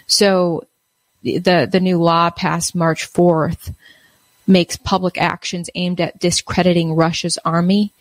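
A woman giving casual news commentary, halting and full of fillers and restarts. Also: lowish voice, flat delivery, no echo. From United States.

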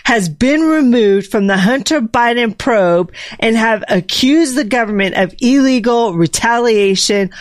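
A woman's voice: fairly high pitch, animated, measured pace, few pauses, dry recording. A woman co-hosting a political talk show, chatting conversationally and often restarting her words. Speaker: co-host. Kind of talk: opinionated commentary chat.

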